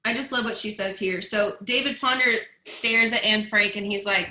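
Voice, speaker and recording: A woman's voice: medium pitch, normal speed, few pauses, bright, forceful tone. A woman in her thirties giving a chatty, emphatic motivational book talk to her team. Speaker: team leader. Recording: echoey room.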